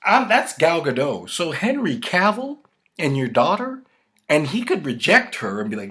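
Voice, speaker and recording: A man's voice: mid-range voice, sing-song, moderate pace, fairly bright tone. Agitated man on a profane rant. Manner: agitated, profane, jumps between thoughts. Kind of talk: rambling conspiracy rant.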